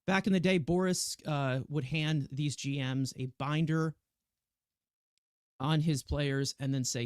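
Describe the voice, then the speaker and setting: A man co-hosting a casual sports podcast, animated and rambling with many restarts. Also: a little high, measured pace, clean tone, dry recording, studio quality. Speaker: podcast co-host.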